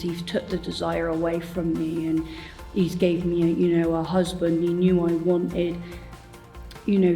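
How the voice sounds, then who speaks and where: A woman giving an earnest, halting personal testimony, with faint music behind her. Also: on the low side, dark tone. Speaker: church testimony speaker.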